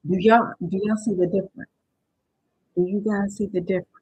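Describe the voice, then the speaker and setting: Woman, live-stream workshop host, husky tone, dry close sound, conversational, checks in with viewers. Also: mid-range voice, steady tone, a little fast, darkish tone, dry recording, dull audio. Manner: conversational, keeps asking "right?" to the chat; addresses viewers directly and checks they understand. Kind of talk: live-stream motivational talk.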